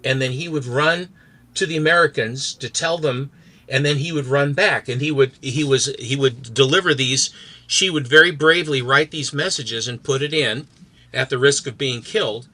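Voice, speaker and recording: During a podcast chat, a man retells a comic book story with animated energy, reading its characters' dialogue aloud and acting them out in accents. His mid-range voice sounds pushed and bright, at a normal speed.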